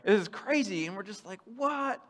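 A man preaching a sermon in a playful, animated way, swinging from loud bursts to hushed asides. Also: on the high side, moderate pace, big-room sound.

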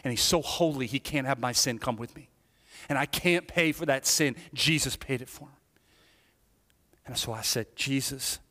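Male preacher, mid-range voice, animated storyteller, long hall reverb. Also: mid-range voice, moderate pace. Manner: animated storytelling, acting out his younger self. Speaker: pastor. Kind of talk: sermon testimony.

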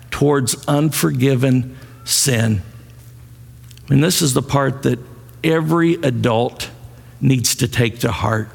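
A man's voice: mid-range voice, creaky, long reverb tail. A male pastor preaching a sermon, asking the congregation to repeat lines after him.

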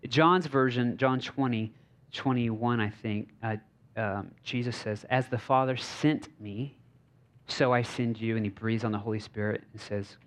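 Speaking in a typical mid-range male pitch, a pastor from the United States preaches casually from a church stage. His conversational sermon is full of jokes and fillers such as "like" and "uh," and he repeatedly asks if the crowd is following.

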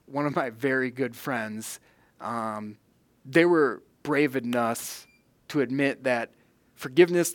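A man preaching a sermon, earnest, rising loud on key points and dropping soft for quiet emphasis. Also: mid-range voice, no room sound. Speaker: pastor.

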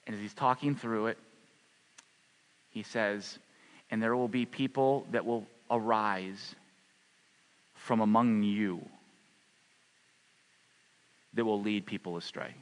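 A man preaching a sermon as pastor, passionate at the peaks and soft and low in prayer. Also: fairly even intonation, slow, long pauses, long reverb tail. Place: church hall.

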